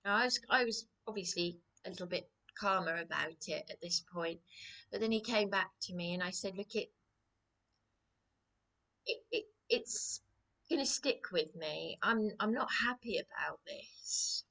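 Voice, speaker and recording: A woman from England rambling aggrievedly in a personal vlog, repeating herself with many restarts, her voice a little hoarse. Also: on the low side, unhurried, sharp tone. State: voice a bit hoarse. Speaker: vlogger.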